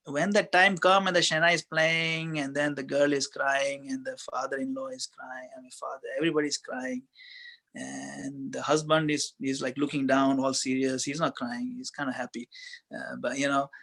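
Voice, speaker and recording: Gravelly, slightly high-voiced male speaker. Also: moderate pace. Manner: relaxed storytelling with many fillers. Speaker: guest speaker on spirituality. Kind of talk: conversational spiritual talk.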